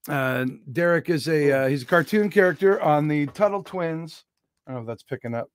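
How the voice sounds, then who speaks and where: A man's voice: fairly high pitch, expressive, fairly quick, slight background noise. A man, a comedian guest on a podcast, telling a story with self-deprecating, jokey asides. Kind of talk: comic storytelling.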